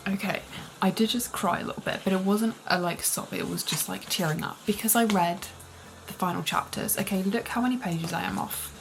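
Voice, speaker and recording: A woman's voice: mid-range voice, a little fast, creaky, music in the background. A young woman reading and chatting in a vlog, rambling and giggly, sometimes dropping to a whisper. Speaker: book vlogger. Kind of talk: casual reading vlog chat. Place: cosy room at home with rain and fireplace sounds.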